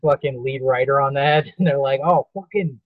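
A man's voice: mid-range voice, little pitch movement, fairly quick, dry recording, narrow, tinny audio. A man who does stand-up, joking crudely and swearing on a casual podcast, often trailing off at the ends of lines. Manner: profane, joking, mumbles off at line ends. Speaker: stand-up comic, podcast co-host.

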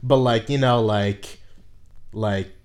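A man's voice: on the low side, steady tone, darkish tone. Joking man full of filler words. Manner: joking, many filler "like"s, acts out quick silly voices. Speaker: podcast co-host. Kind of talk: casual fan chat.

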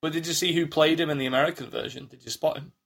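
A man's voice: fairly high pitch, steady tone, rapid-fire, creaky, fairly bright tone, breathy edge. A man co-hosting a podcast, chatting casually and rambling, often restarting his sentences and acting out the lines he quotes. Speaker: podcast co-host. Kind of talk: casual chat.

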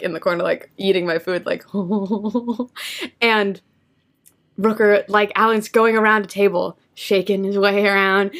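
A woman telling a lively convention anecdote in casual chat, laughing often and acting out what people said. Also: on the high side. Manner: animated, laughs often, acts out quotes.

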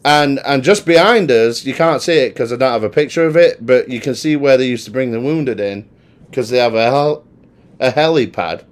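A man's voice: medium pitch, lively intonation, moderate pace. Man, british accent, podcast co-host, casual joking chat. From Britain. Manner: joking, showing photos.

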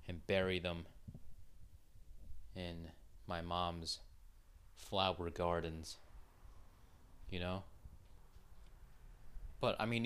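A man's voice: low-pitched, a bit bright, smooth. A young man hosting a solo podcast, rambling casually with lots of swearing and filler words. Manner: rambling and profane, full of fillers. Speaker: podcast host.

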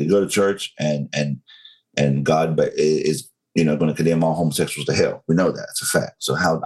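A man in his forties from North Carolina with a Southern accent, telling his story as an interview guest in a slow, controlled, frank way. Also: very deep voice, rough recording.

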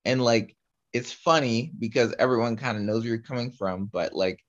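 A man's voice: mid-range voice, normal speed. Young man rambling on a lo-fi podcast. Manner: rambling, many fillers and restarts. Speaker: podcast co-host. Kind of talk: casual chat. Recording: slightly dull lo-fi audio.

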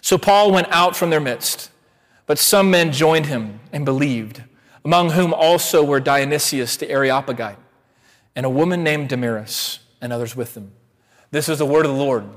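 A man preaching a sermon as pastor, reading scripture in a measured way with emphatic rises, then telling a story. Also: fairly high pitch, in a large hall. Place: church sanctuary.

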